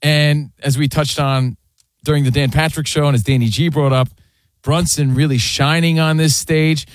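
A sports radio host with a slightly high voice keeps the banter fast and animated. His voice is close and dry, recorded on a studio microphone with no room sound. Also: no room sound. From US East Coast. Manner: animated, rapid, says man and dude a lot.

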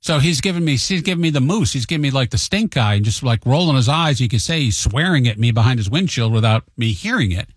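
A man riffs through a casual monologue, spinning everyday stories and jumping into higher, animated voices whenever he quotes someone. His voice sits at an ordinary middle pitch. The recording is dry and close, with no room sound. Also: fast, few pauses, breathy edge, no echo. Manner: chatty storyteller, acts out quotes with a raised voice; admits he tends to be hot-headed.

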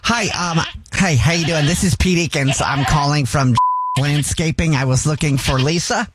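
A man's voice: a little high, moderate pace, very noisy. Bumbling man on a prank call. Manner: bumbling, hesitant, playing a flustered landscaper. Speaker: radio prank caller.

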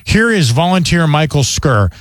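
A male radio host tells stories and reads news items in an animated, casual way. His voice swings up and down in pitch, and the studio sound is close and dry. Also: normal speed, dry recording. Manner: animated storyteller with mock news reading. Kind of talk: casual talk radio banter.

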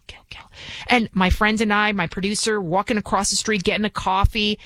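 A woman's voice: medium pitch, fairly bright tone, no echo. A woman filling in as a talk radio host, delivering a combative, scornful monologue full of restarts and asides.

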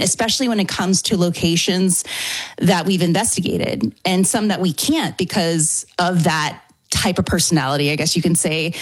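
A woman from New Orleans with a New Orleans accent, a guest on a talk show. She is a paranormal investigator and speaks in an animated, easygoing way, laughing often. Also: lowish voice, husky. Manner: warm, animated, laughs easily.

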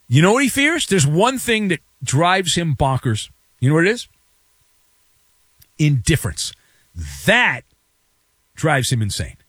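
A man's voice: on the high side, a bit bright, dry recording, studio quality. A man hosting a sports talk radio show, delivering a jokey, theatrical monologue with big swings in emphasis.

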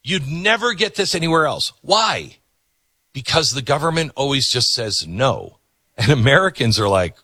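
A man's voice: a little high, big pitch swings, measured pace, sharp tone, slightly rough, dry recording, clean studio sound. A man hosting a show, commenting emphatically on clips he plays. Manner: emphatic, preachy. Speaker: commentator host.

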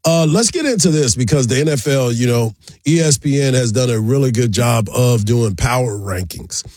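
A man's voice: medium pitch, animated, normal speed, darkish tone, dry recording. A man hosting a morning sports radio show, running through promos and team stats in an upbeat way into a studio mic. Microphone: studio microphone.

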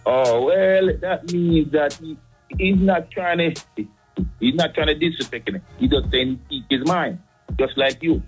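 Jamaican man, radio caller, patois-tinged and preachy, soft music bed underneath. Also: fairly high pitch, a little slow. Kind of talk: heated call-in opinion.

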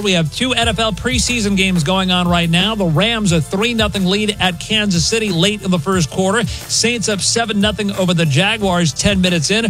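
A man delivers a quick sports update, brisk and matter-of-fact. His voice sits high, and soft music plays underneath. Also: poor audio. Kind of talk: scripted sports news update.

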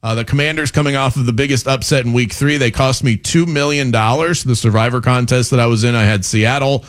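Man, betting show co-host, casual chat, confident, quick delivery. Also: medium pitch, steady tone.

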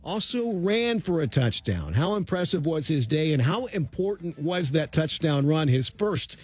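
A man hosting a sports talk radio show, briskly setting up questions for his analysts. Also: a little high, sing-song, a little mellow, slightly rough, soft background music. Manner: brisk, quick question-asking.

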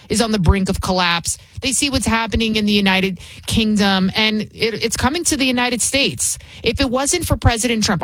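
A woman's voice: mid-range voice, dry recording. A woman talk show host delivering political commentary in a combative, sarcastic manner. She leans hard on emphatic phrases. The recording is dry and close, with no room sound.

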